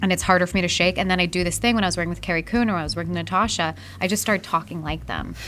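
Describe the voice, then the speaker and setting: A woman's voice: lowish voice, steady tone, very fast, fairly bright tone, slight background noise. A woman in her thirties, a guest chatting casually over a meal, laughing often and trailing off into restarts. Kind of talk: casual chat over food.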